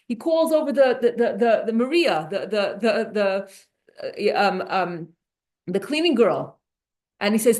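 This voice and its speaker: A woman teaching a Torah class, animated and restarting her sentences often. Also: medium pitch, measured pace. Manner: animated, many restarts and repeated words.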